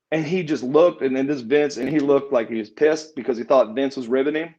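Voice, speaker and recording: A man's voice: fairly quick, hardly any pauses. A man telling a backstage story in a casual interview, acting out other people's lines as he goes. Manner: animated, acts out quotes with raised pitch. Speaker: interview guest, former wrestler. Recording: muffled lo-fi audio.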